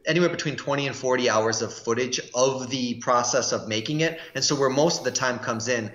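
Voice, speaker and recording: A man who is a guest on a live chat, explaining his work in a measured, thoughtful way. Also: mid-range voice, a bit bright, muffled recording. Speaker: guest, video creator. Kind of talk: casual interview chat. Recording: echoey room.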